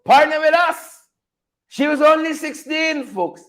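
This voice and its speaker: A man's voice: extremely high pitch, measured pace, a bit bright, poor audio. A man with a Guyanese accent hosting a political commentary livestream, sarcastic and repetitive, pleading with his viewers.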